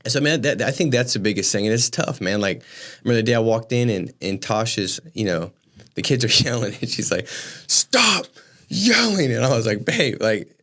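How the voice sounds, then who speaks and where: Fast-talking man, animated storyteller. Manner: animated storyteller, rises in pitch for emphasis. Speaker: podcast co-host. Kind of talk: casual podcast conversation.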